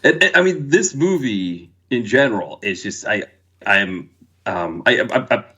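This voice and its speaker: A male podcast guest with a husky voice and a lively, swinging pitch. He talks haltingly, restarting phrases often, and the audio is dull and lo-fi. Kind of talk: casual chat.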